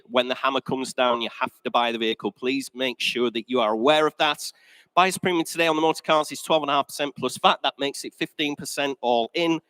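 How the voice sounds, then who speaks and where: Man, auctioneer, slightly out of breath, chatty and jokey, fairly high voice, dry close sound. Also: no echo, low-quality recording. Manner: chatty, jokey, addresses the room as ladies and gentlemen. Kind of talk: live auction opening announcements. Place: large indoor auction sale room.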